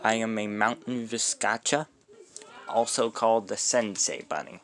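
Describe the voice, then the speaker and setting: A man's voice: lowish voice, steady tone, unhurried, fairly bright tone. A man voicing a nervous young male rabbit-like yokai who stammers earnestly in a homemade storybook tale. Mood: flustered.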